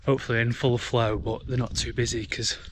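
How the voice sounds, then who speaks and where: A man's voice: mid-range voice, little pitch movement, brisk, slight background noise. A man talking casually to camera, explaining travel plans while walking through a mountain park. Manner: chatty, conversational, explains plans as he walks. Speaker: travel vlogger. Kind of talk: casual travel vlog narration.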